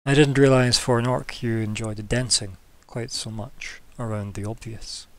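A man's voice: medium pitch, steady tone, normal speed, a bit bright, dry recording, close to an everyday voice. A man voicing a sly, smiling male traveler who teases with a wry, needling manner. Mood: wry teasing.

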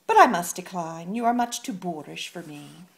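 A woman's voice: lowish voice, expressive, moderate pace, gravelly, husky, heavily acted. A woman voicing a proud young female cockroach in a storybook reading, prim and dry.

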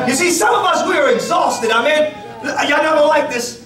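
A man in his forties preaching a sermon as pastor, with impassioned shouted peaks and laughter, calling out to the congregation. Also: very high voice, brisk, music in the background. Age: 40s. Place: church. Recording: echoey church from a distant mic, congregation audible. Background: congregation responding.

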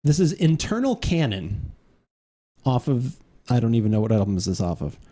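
Rambling, animated male podcast host. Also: mid-range voice, normal speed. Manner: rambling, self-interrupting, laughs often. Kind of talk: casual live-stream chat. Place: home studio during a live stream.

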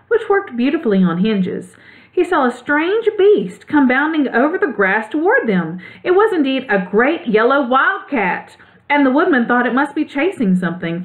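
A woman, a teacher, reading a children's storybook aloud in an expressive, animated way. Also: fairly high pitch. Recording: tinny phone-like sound.

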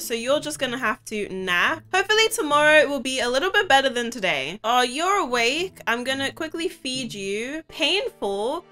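A woman giving casual gameplay commentary, excitable and prone to gasps and panicked shrieks. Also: fairly high pitch. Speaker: gaming YouTuber.

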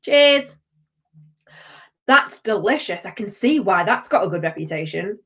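A bubbly woman chatting through a live tasting stream. Her voice sits at an ordinary middle pitch, and she keeps a casual, friendly flow while reading out viewer comments. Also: animated, a little slow, a bit bright, slightly rough. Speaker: livestream host.

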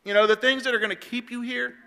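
A man giving a devotional talk in a church. He tells a story in an animated, conversational way. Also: very high voice, quick pace, creaky, clean tone. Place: church auditorium. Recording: long church hall reverb.

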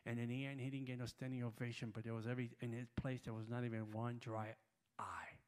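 A man preaching a sermon as a guest at a church prayer gathering, telling a story with heavy repetition and building to loud shouts. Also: medium pitch, level tone, quick pace.

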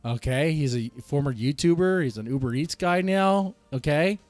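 A man's voice: a little high, expressive, moderate pace, darkish tone, dry recording, faint music behind. A man streaming and reacting to a video clip, commenting in a laid-back, sarcastic way.

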